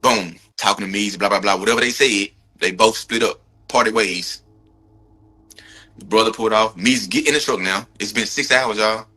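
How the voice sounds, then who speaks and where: Husky, bright-voiced man retelling heatedly. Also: fairly low pitch, moderate pace. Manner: emphatic, profane, repeats for stress. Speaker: brother of a victim giving a court update.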